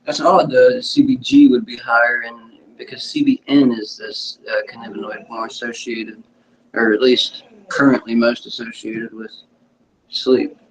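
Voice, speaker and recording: A man's voice: mid-range voice, fairly even intonation, normal speed. A man casually reviewing cannabis at home, laid-back and rambling, hedging what he remembers. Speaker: cannabis vlogger. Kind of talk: casual product review chat. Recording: distant, dull home recording with faint noise.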